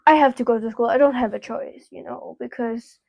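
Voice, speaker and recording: A woman's voice: on the high side, steady tone, fairly quick, vocal fry, darkish tone, dry recording, poor audio. A teenage girl telling a personal story to camera in a candid, rambling way, full of "like" and casual swearing. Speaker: vlogger. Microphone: small clip-on mic.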